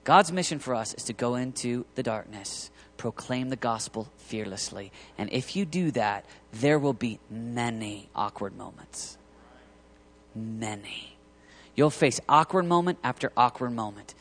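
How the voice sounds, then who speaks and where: A man preaching a sermon to a ministry team, impassioned and rising to near-shouting peaks, acting out quoted voices. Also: medium pitch, animated, slight background noise. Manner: acts out quoted voices and awkward pauses. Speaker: pastor leading a ministry tour team.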